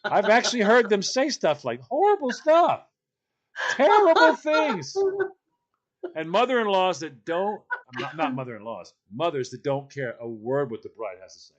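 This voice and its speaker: Animated man telling funny stories. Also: high-pitched, normal speed, dull audio. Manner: animated storytelling, stammers and acts out people. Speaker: co-host. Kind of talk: comedic casual chat.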